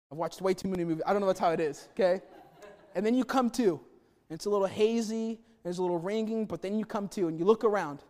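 A man's voice: sits high, a little mellow. A man preaching a sermon in a conversational, chatty way with humorous asides. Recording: long reverb of a hall.

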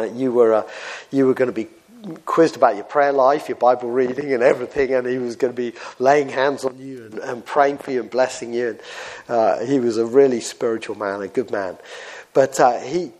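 A man preaching a sermon in a conversational, storytelling style, often pausing with fillers. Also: mid-range voice, darkish tone.

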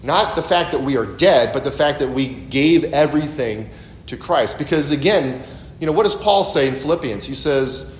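A man preaches a conversational expository sermon packed with asides and rhetorical questions. His intonation is lively and his speed normal, recorded in an echoey room with a faint rumble in the background.

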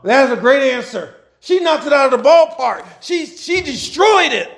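A male pastor delivering a sermon in a strikingly high voice with a lively, swooping pitch. He bellows scripture, then drops into quiet, rapid asides, and repeats key lines back to the congregation. A gravelly rasp sits under his tone. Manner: swings between shouted scripture and quiet, fast asides; repetitive, call-and-response preaching. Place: church with congregation.

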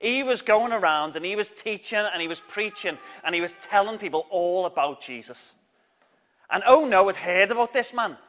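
Bright, high-voiced male church storyteller. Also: moderate pace. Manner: lively, encouraging, draws the crowd in. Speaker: children's speaker at church. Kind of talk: children's Bible storytelling with audience call-and-response.

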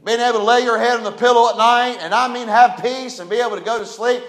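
A man preaches from his pulpit in a notably high voice. He builds to emphatic peaks and throws questions out to the congregation. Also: fairly even intonation, quick pace, fairly bright tone, rough recording. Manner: preaching with rising emphasis and call-and-response. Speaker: pastor. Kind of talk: sermon. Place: church sanctuary.

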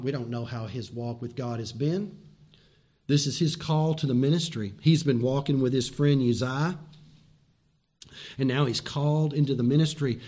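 A pastor preaches a sermon in a fairly high-pitched voice, swinging from loud, emphatic repeated words to hushed, folksy asides and direct questions to his listeners.

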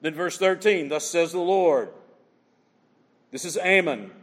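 Male pastor, slightly high voice, animated preacher, long hall reverb. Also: unhurried. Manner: animated preaching, rhetorical questions, reads scripture aloud. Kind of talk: sermon.

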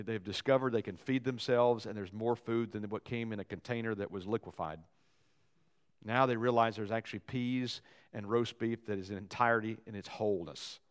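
In a church sanctuary, a pastor with a slightly high male voice delivers a sermon, shifting between loud and quiet. He sprinkles in folksy jokes and asides to the congregation.

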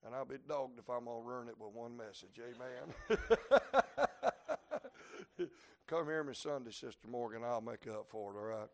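A man, preaching a sermon to a congregation. He moves between quiet, folksy asides and shouted climaxes. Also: medium pitch, normal speed, long pauses. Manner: folksy humor, plainspoken dialect. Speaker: traveling preacher. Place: church building before a congregation.

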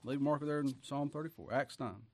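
A man's voice: medium pitch, quick pace. A man preaching a sermon, reading scripture and breaking in with folksy, emphatic asides and rhetorical questions to the congregation.

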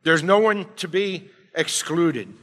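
A man preaching a sermon as pastor, emphatic, swinging between quiet, low passages and loud, urgent appeals. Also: expressive, takes it slowly. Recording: long hall reverb.

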